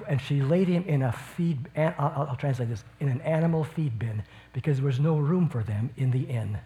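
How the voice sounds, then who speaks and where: A man giving informal Bible teaching. He swings from enthusiastic bursts into a quieter retelling of the story. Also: on the high side.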